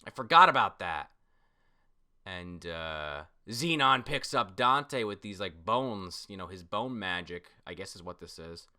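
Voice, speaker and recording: Host type, male, excitable reaction vlogger; animated delivery, clean smooth tone. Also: low-pitched, unhurried. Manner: excitable, filler-heavy, swears when surprised. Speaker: manga reviewer. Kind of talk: casual reaction and recap.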